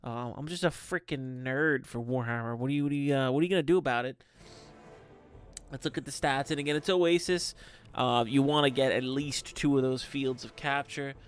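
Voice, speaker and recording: A young man giving casual, rambling commentary on a strategy game, often breaking into excited exclamations. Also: mid-range voice, a little fast, clear, resonant tone, dry recording. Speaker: game caster.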